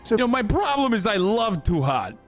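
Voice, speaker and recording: A man's voice: high-pitched, big pitch swings, moderate pace, soft background music. A man doing a mocking impression of a crude, boastful older male politician, with brash, profane, sing-song delivery. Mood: rambling.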